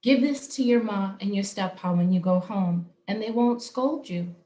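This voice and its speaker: A woman's voice: medium pitch, moderate pace, dark tone, echoey room, natural voice. A woman voicing a kind adult mermaid who talks in a pleasant, reassuring, coaxing way.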